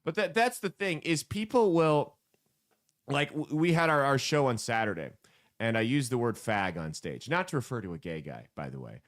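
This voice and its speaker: A man's voice: mid-range voice, sing-song, moderate pace, fairly bright tone. A man hosting a podcast, ranting bluntly and mockingly in casual commentary with plenty of swearing. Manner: blunt, profane, mocking rants. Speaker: podcast host.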